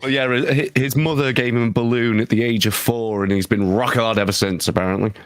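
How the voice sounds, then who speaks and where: A man's voice: medium pitch, steady tone, fairly quick, no echo. A man co-hosting a podcast, telling an odd news story with crude jokes and frequent laughter. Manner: laughs a lot, crude and teasing. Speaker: podcast co-host. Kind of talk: casual storytelling banter.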